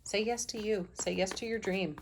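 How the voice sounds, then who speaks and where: A woman's voice: medium pitch, steady tone, normal speed, noisy background. A middle-aged woman giving an enthusiastic, affirming spiritual tarot reading. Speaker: tarot reader.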